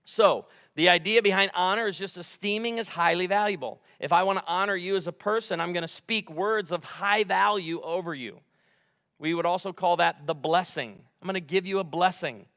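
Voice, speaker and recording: A man preaching a sermon as pastor, animated and fired up, telling humorous stories from a church stage. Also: sits high, normal speed. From United States. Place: large church sanctuary. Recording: long hall reverb.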